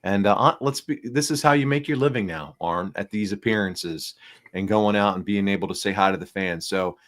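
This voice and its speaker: Congested low-voiced man hosting a podcast. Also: normal speed, fairly bright tone. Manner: upbeat, rambling with fillers. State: nasal and congested from flu. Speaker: podcast host. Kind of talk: casual podcast chat. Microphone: small backup microphone.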